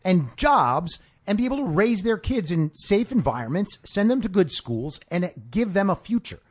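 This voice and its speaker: A man's voice: sits high, very animated, normal speed. A man hosting a casual podcast conversation, making emphatic points and agreeing with his guest. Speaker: podcast host. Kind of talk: casual chat.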